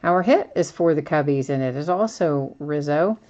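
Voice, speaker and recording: A woman's voice: low voice, lively intonation, normal speed, a little mellow, highs cut off. A woman hosting a live card break, chatting casually as she opens packs and reads out each card.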